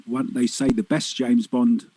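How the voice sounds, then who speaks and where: A man's voice: mid-range voice, little pitch movement, a little slow, mellow, slight background noise. A man doing casual live-stream commentary on pool, joking and teasing while reading viewer comments.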